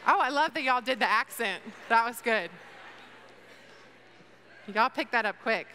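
A young woman giving a faith talk to students, chatty and lively, who turns soft and slow when she prays. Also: a little high, a little hiss or hum. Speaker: speaker. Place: auditorium with an audience. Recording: reverberant hall sound.

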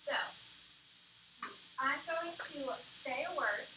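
A woman's voice: high voice, slow, background noise. A woman teaching a phonics lesson to a small group of children, coaxing call-and-response answers in an upbeat way. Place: classroom. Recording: echoey classroom from far off.

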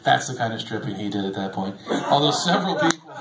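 A man's voice: medium pitch, animated, fast, a bit bright. A middle-aged man, a bus driver, telling rambling stories to a group in a casual, chuckling, self-deprecating way. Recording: echoey room, faint background ambience.

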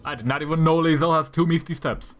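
A gamer playing a tactical role-playing game talks fast in a fairly high, steady voice. He gives casual commentary to himself, reacting to his rolls and trash-talking enemies with plenty of swearing.

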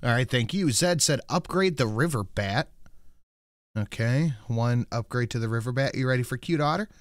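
A man's voice: mid-range voice, animated, normal speed, no room sound, studio quality. A man hosting a casual chat show, reading out donations and messages in a playful way. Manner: playful, coos at cute pictures.

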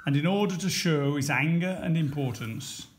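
A man reading a picture book aloud, telling the story slowly and deliberately. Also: on the high side, slight background noise.

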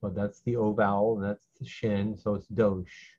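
A man teaching a slow Hebrew reading lesson, patiently repeating each syllable so learners can follow. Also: fairly low pitch, little pitch movement, darkish tone. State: clearing his throat. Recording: dull lo-fi sound.

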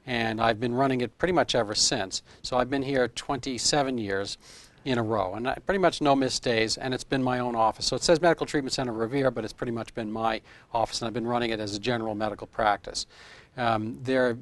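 A man in his fifties, a medical doctor being interviewed in casual chat, rambling through explanations with homespun comparisons. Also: mid-range voice. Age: 50s.

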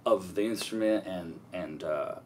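A man telling stories as an interview guest, profane and rambling, with lots of halting restarts. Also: deep voice, a little mellow, slight background noise. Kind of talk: casual storytelling interview.

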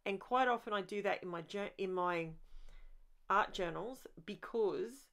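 A woman's voice: mid-range voice, unhurried, creaky, a bit bright. A woman hosting a crafting video, talking over her process in a chatty, rambling way that is full of enthusiasm. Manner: chatty, rambling, thinks aloud with frequent restarts; enthusiastic about messy art play.

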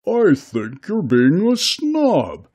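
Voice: medium pitch, wildly swooping pitch, very slow, a little mellow, slightly rough, voice pushed up, exaggerated voice. A narrator voicing a whiny, defensive big blob creature. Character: big sulky corn-eating blob creature. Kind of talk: storybook reading.

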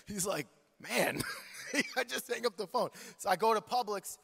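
A man's voice: sits high, a little slow, vocal fry. A man preaching a sermon, telling a story with jokes and calling out to the congregation. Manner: animated, joking, talks to the congregation. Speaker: pastor. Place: large church hall. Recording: long hall reverb.

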